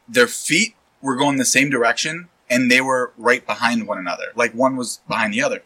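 A man's voice: mid-range voice, moderate pace, sharp tone, husky, poor audio. A man co-hosting a podcast, telling stories in casual, profane banter and acting out what people said. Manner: storytelling, profane, acts out quotes. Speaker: podcast co-host.

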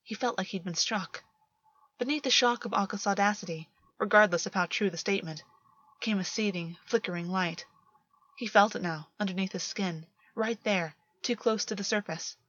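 A woman reading a story aloud in steady, measured narration. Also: mid-range voice, lo-fi sound. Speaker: reader. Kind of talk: scripted narration.

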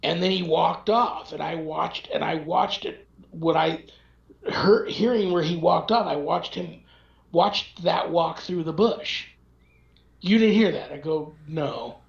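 A man's voice: fairly high pitch, a little slow, creaky. A man telling a long story in casual conversation, acting out the voices of the people in it as he goes. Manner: animated storyteller, acts out quoted dialogue. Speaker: paranormal investigator guest. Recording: echoey lo-fi remote audio.

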